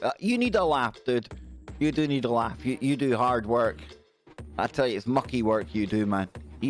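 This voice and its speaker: A middle-aged man hosting a casual live stream, greeting viewers by name and joking around. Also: mid-range voice.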